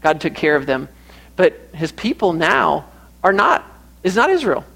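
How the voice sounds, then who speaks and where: High-voiced earnest male preacher. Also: very animated, measured pace, vocal fry, a bit bright. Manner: earnest, repeats phrases for emphasis. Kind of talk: sermon.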